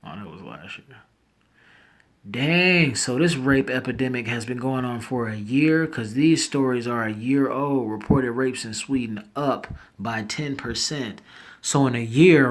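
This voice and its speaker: Male commentary host of average pitch who reads headlines, then rambles and reacts with loud disbelief. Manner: rambling, self-interrupting, slangy asides. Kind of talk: casual commentary reading headlines aloud.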